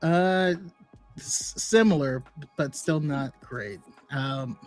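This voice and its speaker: A man with a somewhat high-pitched voice hosts a casual online talk. He speaks in a relaxed, chatty, easygoing way, as if calling in remotely. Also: takes it slowly, soft background music. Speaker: podcast host.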